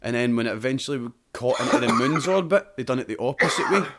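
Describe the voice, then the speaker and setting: A Scottish man in his own casual podcast chat, swearing freely as he explains things at length. His voice sits in a middle pitch and he keeps an animated, laughing manner. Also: quick pace, very noisy. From Scotland. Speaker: podcast host.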